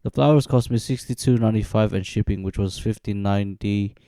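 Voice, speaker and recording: A young man in his twenties narrates his own story from a script, moving through dates and events at a steady, even pace. His voice sits low with a gravelly, creaky edge and a dark, mellow tone. The sound is dry and close. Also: fairly quick, no room sound. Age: 20s.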